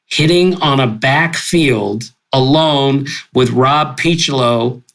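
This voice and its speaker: An older man telling stories with exuberant energy, his pitch leaping up for punchlines. He speaks at a mid pitch and keeps up an animated, storytelling pace. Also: slow pace, low-quality recording. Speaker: guest sportswriter. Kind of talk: storytelling interview.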